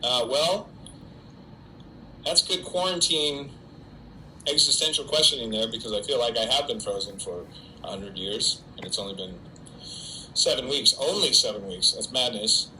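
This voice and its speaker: A man's voice: mid-range voice, moderate pace, pauses often, pushed and bright, a little hiss or hum, rough recording. A middle-aged man, an actor, chatting casually and joking at his own expense on a live stream from home, answering fans' typed questions. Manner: chatty, self-mocking, talks to an unseen audience. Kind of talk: casual solo livestream chat. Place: home during quarantine.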